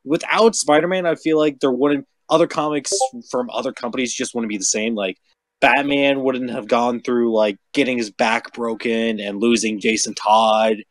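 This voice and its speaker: A man's voice: medium pitch, steady tone, normal speed, no echo. Rambling, swearing young man, dry sound. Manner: rambling, swears a lot, lots of "like". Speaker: podcast host. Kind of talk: casual chat.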